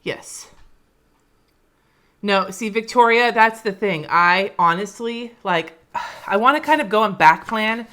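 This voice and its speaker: A woman's voice: medium pitch, slow, long pauses, pushed and bright. A woman from California chatting casually on a live stream, answering viewers by name and swearing freely as she plans her week. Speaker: planner vlogger reading live comments. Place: home, indoors.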